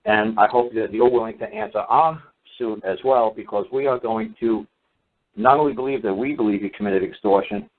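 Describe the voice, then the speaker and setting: Guy rambling thru a story, kinda low voice, acts out quotes, sounds like a phone call. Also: moderate pace. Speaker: speaker giving recorded teachings. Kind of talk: casual storytelling monologue. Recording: tinny phone-line sound.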